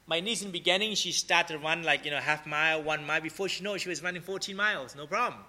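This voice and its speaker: This preacher talks fast, his voice a little high and sharp. His sermon is conversational, full of check-ins like "right?" and "okay?", with ordinary everyday stories used to drive home his points.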